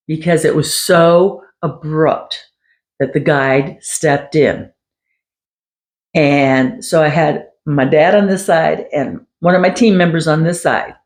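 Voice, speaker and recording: A woman hosting a paranormal podcast, telling a personal story in a conversational monologue, quoting others and clearing her throat now and then. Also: low voice, darkish tone. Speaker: psychic podcast host.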